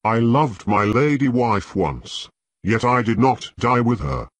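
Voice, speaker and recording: Brief: narrator doing a devoted older knight, earnest and grave; low husky tone, dry close sound. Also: male voice, sing-song, slow pace, no room sound. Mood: pleading. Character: loyal middle-aged male knight, devoted and grave.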